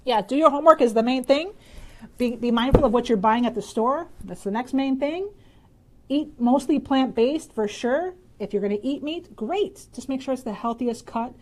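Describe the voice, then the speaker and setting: A woman's voice: high voice, animated, normal speed, a little hiss or hum. A woman from Michigan hosting a casual live stream, bubbly and chatty, reading out viewer comments and answering health questions with frequent laughs.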